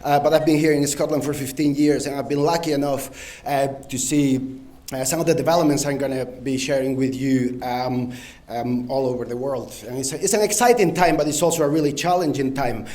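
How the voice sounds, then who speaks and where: A man with a Spanish accent giving a conference keynote, often pausing on ums and uhs and speaking straight to the audience. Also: a little high, a little mellow. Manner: frequent ums and uhs, engages the audience with direct prompts. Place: conference hall stage.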